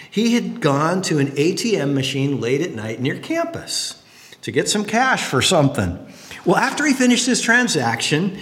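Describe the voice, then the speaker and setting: A middle-aged man preaching a sermon, telling stories with jokey asides. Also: on the high side. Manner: animated storyteller, jokey asides. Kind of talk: sermon with storytelling. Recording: echoey hall.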